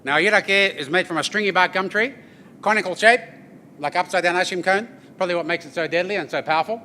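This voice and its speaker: Bright-voiced man storytelling. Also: sits high, fast, a little hiss or hum. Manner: lively, joking, addresses the crowd with "yeah?" tags. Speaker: didgeridoo performer. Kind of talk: storytelling performance to an audience. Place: event venue with an audience.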